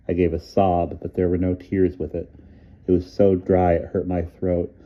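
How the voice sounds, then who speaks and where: A man reading a novel aloud in a measured, even narration. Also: low-pitched, dull audio. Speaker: audiobook reader. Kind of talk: scripted narration.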